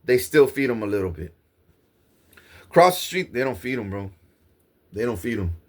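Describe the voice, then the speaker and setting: A man's voice: mid-range voice, very animated, normal speed. A man delivering an agitated, profane monologue to his viewers. He circles back over the same points and keeps saying "bro.". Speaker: vlogger. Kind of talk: rambling monologue to camera.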